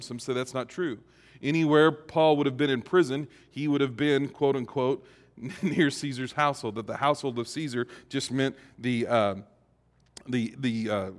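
Man preaching in a reverberant hall. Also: medium pitch. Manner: conversational, rising to emphatic. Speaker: pastor. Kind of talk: sermon.

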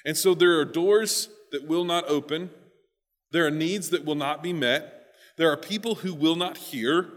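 This sermon comes from a male pastor whose emphatic preaching repeats words and alternates soft asides with loud emphasis, all echoing with long hall reverb. He pitches on the high side and speaks a little slowly.

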